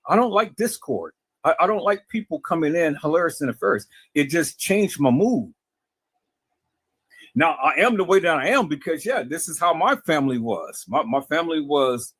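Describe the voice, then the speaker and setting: A man's voice: fairly high pitch, fairly bright tone, breathy edge, no echo. A man talking to his viewers in a casual, preachy way, often stammering and repeating words. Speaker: video host.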